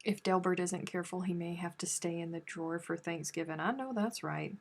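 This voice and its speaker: A woman's voice: lowish voice, a little fast. A woman hosting a crochet live stream, chatting casually and teasing as she reads viewer comments aloud.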